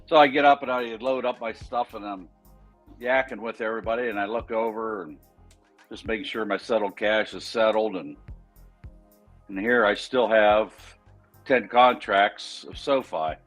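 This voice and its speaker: A man with a fairly low voice rambles through his trading day in casual chat, backing up and correcting himself as he goes. Faint music plays under the talk. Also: normal speed, fairly bright tone. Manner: rambling, self-correcting storyteller. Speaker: trader on a panel.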